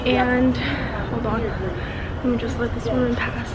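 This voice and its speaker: Vlog talent: young woman, hoarse, high voice, unhurried self-conscious chatter, loud noise behind. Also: fairly even intonation, lo-fi sound. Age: young adult. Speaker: art student vlogger. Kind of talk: casual vlog narration. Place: busy public place among people.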